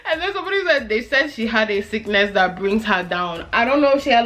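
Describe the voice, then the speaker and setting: A woman's voice: mid-range voice, expressive, a little fast, hardly any pauses, a bit bright. A young woman reading her diary aloud and reflecting on it in a casual, chatty way, laughing often and acting out the people she quotes.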